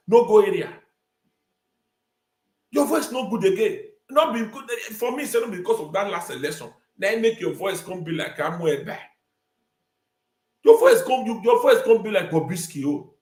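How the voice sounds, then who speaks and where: A man's voice: sits high, a little mellow, reverberant. A man with a Nigerian accent hosting a talk show, ranting emphatically in a live-stream commentary and repeating phrases for effect.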